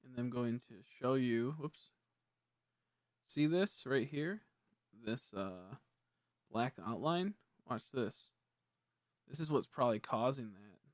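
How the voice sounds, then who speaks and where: Young male streamer, mid-pitch, dry close sound, rambling casual talk with frequent restarts. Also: no echo. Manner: rambling, self-correcting, easily frustrated. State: hiccups. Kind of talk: casual live-stream chat.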